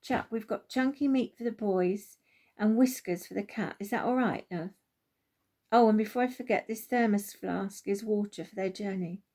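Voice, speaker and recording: A woman's voice: medium pitch, moderate pace, dark tone, lightly acted. A woman voicing a kindly, motherly older woman in a storybook who fusses affectionately over everyone. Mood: fussing. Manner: fussy, affectionate, calls everyone love.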